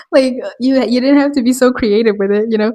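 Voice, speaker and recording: A woman hosting a casual commentary vlog, chatty and quick to laugh, with lots of filler words. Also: on the high side, warm tone. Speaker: video host.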